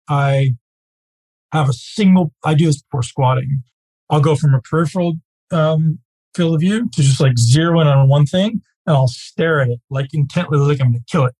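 A man teaching a live group as a coach, speaking casually and emphatically, often checking in with a quick "right?". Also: a little high, darkish tone, low-quality recording.

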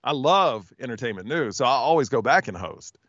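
Man, smooth radio-style voice, mid pitch, dry slightly muffled podcast sound. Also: big pitch swings, fairly quick, a bit bright, no echo. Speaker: podcast guest, TV host and stand-up comic. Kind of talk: casual storytelling interview.

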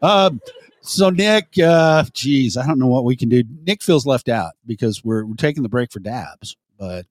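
A man's voice: medium pitch, lively intonation, normal speed, no echo. A man co-hosting a crude comedy talk show, brash and swearing freely. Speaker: co-host. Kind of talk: crude casual banter.

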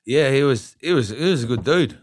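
A middle-aged man with a New Zealand accent, a guest telling stories in casual chat, halting with many fillers and restarts. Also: medium pitch, expressive, no echo, studio quality. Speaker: guest, retired boxer.

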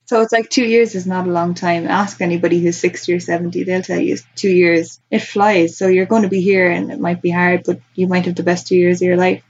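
A woman's voice: on the low side, flat delivery, a little fast, few pauses, darkish tone, breathy edge, muffled recording. A young Irish woman chatting as a podcast guest, giving earnest, practical advice. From Ireland. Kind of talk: casual chat.

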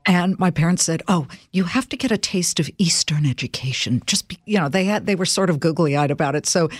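A woman's voice: on the low side, lively intonation, a little fast, no room sound, clean studio sound. A woman from California hosting an interview, speaking emphatically and addressing her listeners. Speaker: host. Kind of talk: interview host.

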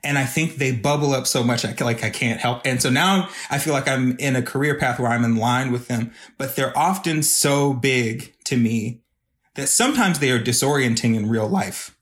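Man on a podcast, earnest and reflective, gets emotional, mid pitch. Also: normal speed, fairly bright tone. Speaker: podcast guest, video artist. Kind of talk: casual podcast conversation.

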